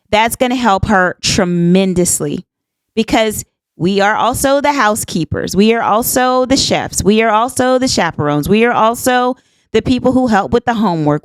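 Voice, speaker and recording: A woman's voice: medium pitch, animated, normal speed, clean tone, no echo. A woman in her fifties hosting a podcast, talking in an earnest, emphatic, folksy way and repeating herself for emphasis. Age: 50s. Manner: folksy, says "honey child" and "y'all". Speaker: podcast host. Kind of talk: casual monologue.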